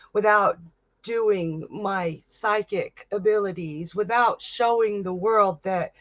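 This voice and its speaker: A middle-aged woman hosts a live-stream psychic reading, chatty and heartfelt, laughing often. She speaks slowly and takes her time. The stream audio is dry and dull, like a lo-fi recording. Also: medium pitch, sharp tone, no echo. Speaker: psychic medium host.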